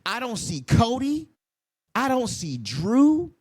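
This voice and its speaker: A man ranting in a wrestling commentary video, heated and full of swearing. He rambles and repeats himself. His voice sits high and swings up and down a lot. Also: wildly swooping pitch, takes it slowly, husky. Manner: heated, profane, rambling and repetitive.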